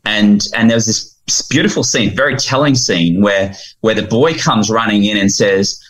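A man speaking as a guest in an interview, heartfelt and earnest, animated when he retells scenes. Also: on the low side, moderate pace, rough recording. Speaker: guest, founder of a fathers' ministry.

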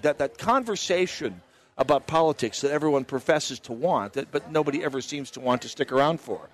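A Minnesota man hosts a live talk radio show from an outdoor booth at the state fair, speaking into a broadcast mic while wearing headphones. His voice is a little high and brisk, and he tells stories chattily, full of restarts and asides.

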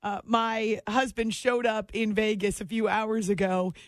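Woman radio host, lively chatty storytelling, studio mic, very dry sound. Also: mid-range voice, unhurried, no echo. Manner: lively, chatty storyteller who laughs often. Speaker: late-night sports radio host.

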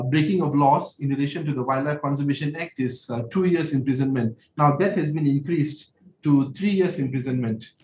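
A man, a lawyer, sets out his points one by one in a measured, explaining voice. His voice is a little high, and it comes through with a roomy echo and a faint hum behind it. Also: a little mellow. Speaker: animal rights lawyer. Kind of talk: guest on a radio interview.

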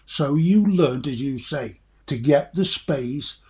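An older man reminisces about his playing days. His voice is husky and mellow, pitched a little high for a man. He talks animatedly and repeats words as he warms to each story. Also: expressive, takes it slowly. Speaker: former footballer guest. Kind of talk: casual reminiscing chat.

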